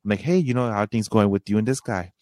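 A man's voice: lowish voice, quick pace, mellow, dry recording. A young man, a podcast co-host, casually telling a long slangy story and acting out both sides of a conversation.

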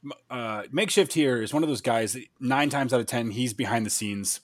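A man in casual podcast chat, telling a story with excitement and frequent restarts. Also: medium pitch, fairly quick, dry recording, clean studio sound. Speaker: podcast host or guest.

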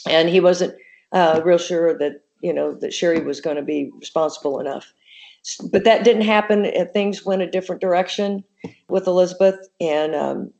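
A woman's voice: on the low side, darkish tone. An older woman, an interview guest, telling rambling, affectionate stories in a casual way. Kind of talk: casual reminiscing. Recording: dull lo-fi recording.

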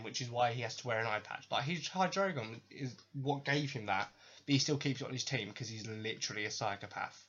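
A man's voice: mid-range voice, fairly bright tone, breathy edge, highs cut off. A young man hosting a podcast, ranting in exasperated, sarcastic, sweary commentary. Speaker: podcast host.

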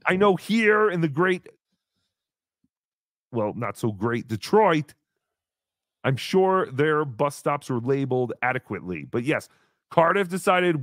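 A man hosting a live show, telling a story in casual chat with animated, exasperated swearing. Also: fairly high pitch, a little slow, pauses often, no echo, clean studio sound. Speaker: podcast host.

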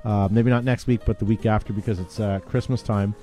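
A podcast host jokes around in upbeat, casual banter on a live show and hands out gifts to his co-hosts on air. His fairly low voice is steady, brisk and dark in tone, with soft music playing in the background.

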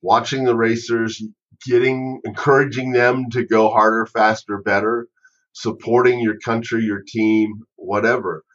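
A man guest on a podcast panel chat, wry with deadpan asides. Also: medium pitch, unhurried, lo-fi sound.

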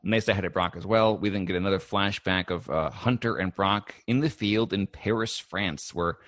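A man's voice: sits low, moderate pace. Man recapping a cartoon episode. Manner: lively storyteller, quotes characters, laughs often. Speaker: podcast co-host recapping an episode. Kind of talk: casual chat, animated recap.

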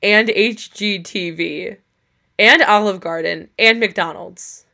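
A woman's voice: mid-range voice, slow pace, gravelly, bright, forceful tone. A woman co-hosting a podcast in casual chat, laughing often and filling her talk with "like". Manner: giggly, laughs often mid-sentence; lots of "like" fillers. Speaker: podcast co-host.

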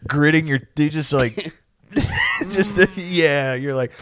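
A man's voice: on the high side, slow, fairly bright tone, clean tone, dry recording, clean studio sound. A young man chatting casually, telling rambling stories full of swearing, laughing often and putting on voices for the people he quotes. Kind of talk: casual chat.

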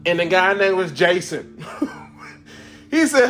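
A man's voice: sits high, expressive, takes it slowly, pauses often, fairly bright tone, faint music behind. A man hosting his own podcast, telling a story casually and animatedly, laughing often and acting out the people he quotes, a little congested. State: congested from sinuses. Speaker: podcast host.

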